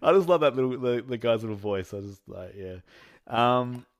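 A man's voice: medium pitch, animated, normal speed, no echo, studio quality. A man co-hosting a podcast in casual chat, laughing often and filling with "like" and "um". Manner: laughing often, many fillers. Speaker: podcast co-host.

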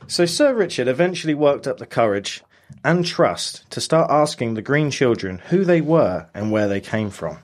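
A man's voice: medium pitch, very animated, normal speed. A man, co-hosting a casual podcast, explaining a story at length in a jokey, laughing way. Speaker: podcast co-host telling the story.

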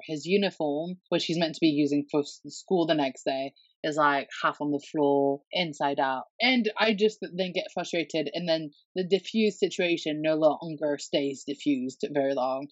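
A woman, a mother and podcast guest, chatting casually and telling stories with lively acted-out quotes and the odd swear word. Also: low voice, no room sound, highs cut off. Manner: animated storyteller, swears freely, acts out quotes.

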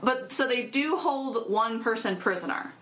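Bright, high-voiced woman telling a story. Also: a little slow. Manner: animated, laughs often, acts out quoted voices. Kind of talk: casual storytelling chat.

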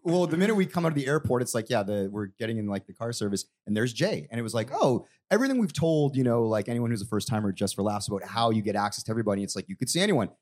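A man's voice: mid-range voice, expressive, very fast, hardly any pauses, darkish tone. A man co-hosting a live podcast who teases his co-host and acts out quotes in put-on voices. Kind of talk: casual banter on a live podcast.

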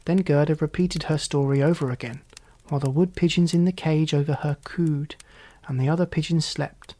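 Steady storybook narrator, mid-pitched voice. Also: normal speed. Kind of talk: storybook reading.

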